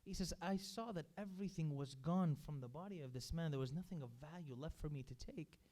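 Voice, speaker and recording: A man's voice: on the high side, fairly quick, warm tone. A man giving a sermon at a religious gathering, earnestly recounting stories with quoted speech. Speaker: majlis speaker. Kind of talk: sermon storytelling. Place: religious center hall.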